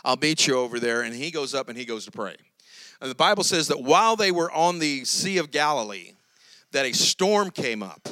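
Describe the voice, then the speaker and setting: Bright, high-voiced male preacher. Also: moderate pace, no room sound. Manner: animated storytelling preacher. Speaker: pastor. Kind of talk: sermon.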